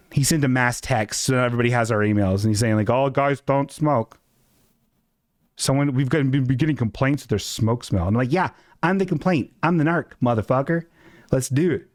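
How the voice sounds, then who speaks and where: Streamer host, male, self-mocking ranter, lively pitch, dry close mic. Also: dry recording. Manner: animated, self-mocking, jumps into high squeaky voices for quotes. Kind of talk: casual live-stream rant. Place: apartment.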